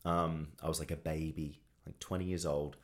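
A deep-voiced Australian man in his thirties chats as a podcast guest. He tells his stories in an animated, self-deprecating way, full of fillers and asides. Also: moderate pace. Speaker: TV host and sportscaster, podcast guest. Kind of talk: casual interview chat.

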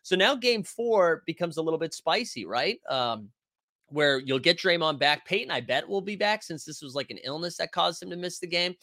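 A man hosting a casual sports talk stream, animated and rambling, who swears freely and reads from the chat. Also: on the high side, normal speed, dry recording. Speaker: podcast host reading chat.

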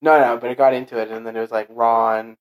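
A man from Portugal chatting casually, swearing now and then and slipping into quick put-on voices while telling stories. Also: medium pitch, little pitch movement, clean tone, low-quality recording. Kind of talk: casual chat.

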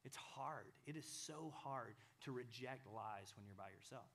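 Guy in his 30s preaching, lively and animated, acts out voices, goes quiet and whispery sometimes. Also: medium pitch, measured pace. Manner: animated, acts out inner dialogue, drops to soft whispers. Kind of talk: sermon.

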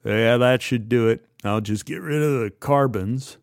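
A man voicing Marvin, an unflappable store boss who speaks slowly and hesitantly with fillers, in a spoken story. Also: mid-range voice, gravelly, no room sound, studio quality. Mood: calm.

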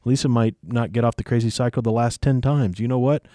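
A man's voice: mid-range voice, fairly quick, mellow, no room sound. A man co-hosting a casual faith-based chat, speaking emphatically and firmly. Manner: emphatic, firm.

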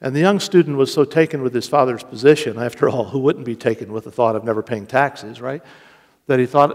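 A man preaching a sermon with slow, deliberate delivery and rising emphasis. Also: medium pitch. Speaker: pastor. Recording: long reverb of a large hall.

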